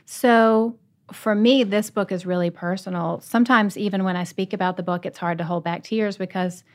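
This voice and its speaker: A woman's voice: mid-range voice, steady tone, moderate pace. A woman author guest telling a personal story earnestly and with animation.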